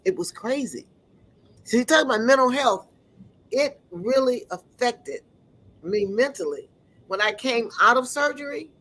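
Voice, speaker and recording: A woman giving an earnest personal testimony, often pausing to search for words. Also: on the high side, rough recording.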